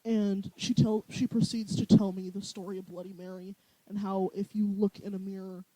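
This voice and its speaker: A young co-host tells stories in an animated way, often breaking into laughter. The tone is warm and mellow at a mid pitch. The recording is dry and close. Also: normal speed, no room sound, rough recording. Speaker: podcast co-host. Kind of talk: casual chat.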